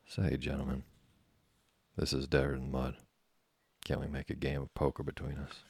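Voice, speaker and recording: A man's voice: very deep voice, completely flat delivery, normal speed, vocal fry, darkish tone, breathy edge, no echo, full character voice. A man voicing a brash, boastful American teenage boy who talks in cocky slang.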